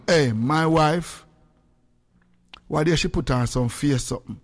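A man hosts a casual radio chat, telling animated stories in patois. His voice sits a little higher than most men's and leaps up in bursts of excitement. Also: measured pace. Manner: animated storytelling with sudden high-pitched outbursts. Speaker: radio host.

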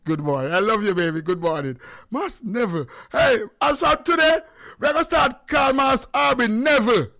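High-voiced Jamaican man hosting call-in radio. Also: animated, moderate pace, vocal fry. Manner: loud, joking, switches into patois. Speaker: radio show host.

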